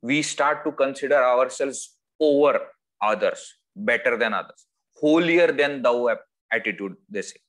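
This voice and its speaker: A man with an Indian English accent giving a spiritual discourse over a video call, telling stories with lively swings of voice. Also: unhurried. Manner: lively storytelling, acts out quoted voices with wide swings in pitch. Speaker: spiritual teacher. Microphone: video call microphone.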